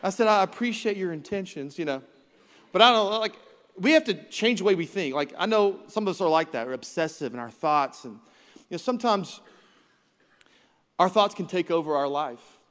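Male pastor, sermon, slightly high voice, storytelling, echoing church hall. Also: expressive, moderate pace, fairly bright tone. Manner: storytelling, self-mocking, acts out quotes. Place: church sanctuary. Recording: long hall reverb in church.

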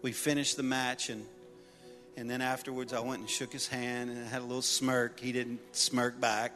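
Bright-voiced preacher man in a reverberant hall. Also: medium pitch, little pitch movement, normal speed, faint music behind. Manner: storytelling with humor, building to loud exhortation. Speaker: pastor. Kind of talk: sermon with personal stories. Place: church sanctuary. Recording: long reverb of a large hall.

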